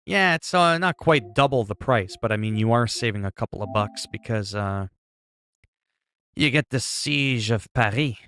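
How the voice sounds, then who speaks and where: A man's voice: mid-range voice, animated, moderate pace, bright, forceful tone, clean tone. A man chatting casually on a livestream, reacting to chat messages and exclaiming as he talks.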